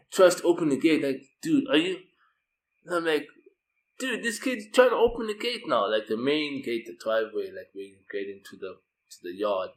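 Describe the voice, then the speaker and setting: A man telling a personal story in loose, profane slang, getting loud and high-pitched when he quotes himself. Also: poor audio. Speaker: video storyteller. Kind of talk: casual spoken storytelling.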